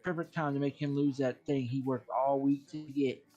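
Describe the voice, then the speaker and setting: A man's voice: mid-range voice, little pitch movement, moderate pace, dark tone. A man on a stream casually telling gaming stories, cursing a lot and laughing often. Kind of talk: casual gaming story chat. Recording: dull lo-fi stream audio with faint music.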